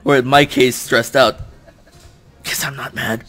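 A young man giving let's play commentary at home into a desk microphone, excitable and quick to shout and groan in frustration, joking at his own expense. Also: medium pitch, faint music behind. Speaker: YouTuber playing a video game.

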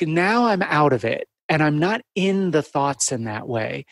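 A man co-hosting a podcast on therapy skills, explaining in a casual, animated and playful way. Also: on the high side, a little slow, gravelly, no room sound. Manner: animated, playful, breaks into funny voices. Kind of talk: casual instructional chat.

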